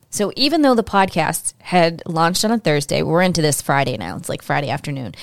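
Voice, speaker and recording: A woman hosting her own podcast, telling a personal story in a candid, emotional, animated way. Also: fairly low pitch, no echo, clean studio sound. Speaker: podcast host.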